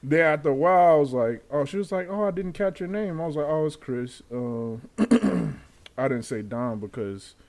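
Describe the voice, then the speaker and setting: A man's voice: medium pitch, moderate pace. A man in his twenties, a podcast host, telling a story in casual chat and acting out the people in it with laughs. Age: 20s. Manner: animated, acts out quotes with laughs.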